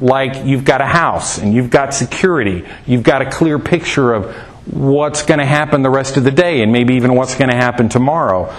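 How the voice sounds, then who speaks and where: A man with a mid-pitched voice teaching scripture in a relaxed, conversational way. He fires off rhetorical questions and jumps his voice up high to make a point. Folksy asides and little fillers keep it feeling like a chat. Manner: animated, asks rhetorical questions, swings pitch for emphasis. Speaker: preacher.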